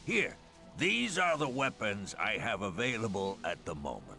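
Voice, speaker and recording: An actor playing a gruff male weapons trader in a video game, with a gravelly voice. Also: lowish voice, big pitch swings, normal speed. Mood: businesslike. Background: game music.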